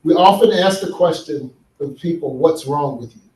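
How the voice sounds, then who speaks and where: A man with a somewhat high, slightly mellow voice speaks at a normal pace, giving an earnest conference talk on men's healing in a large hall with an audience. He tells stories and poses questions to the crowd. The recording is echoey, and he stands far from the mic.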